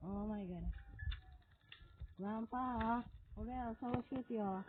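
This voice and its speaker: Excitable woman gamer, tinny noisy audio. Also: a little high, takes it slowly, pauses often. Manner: excitable, frequent exclamations, talks to viewers. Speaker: gamer streamer. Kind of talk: casual gameplay commentary. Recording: tinny phone-like audio with noise.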